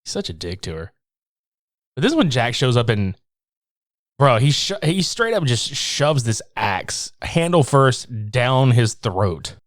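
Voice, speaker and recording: A man's voice: mid-range voice, very animated, a little slow, no room sound, clean studio sound. A man co-hosting a podcast in casual chat, recapping a movie with lots of swearing and laughter and acting out quoted lines. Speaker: podcast co-host.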